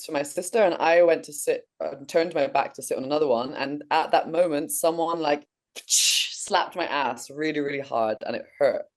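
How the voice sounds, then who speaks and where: With a deep voice at a moderate pace, a woman from England tells a lengthy dream on the podcast she co-hosts. She's relaxed and animated, laughing and throwing in swear words.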